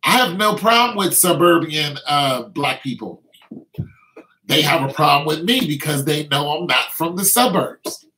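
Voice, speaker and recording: A man's voice: fairly high pitch, lively intonation, unhurried, pushed and bright, a little hiss or hum, poor audio. A man from the United States talking in an emphatic, rambling way, with many restarts and "you know what I'm saying" asides. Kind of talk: casual opinionated talk.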